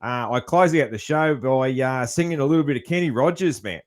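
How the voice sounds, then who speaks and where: A man's voice: medium pitch, a little fast. A man with a broad Australian accent hosting a podcast, laid-back and calling his guest "man.". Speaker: podcast host. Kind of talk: casual interview chat.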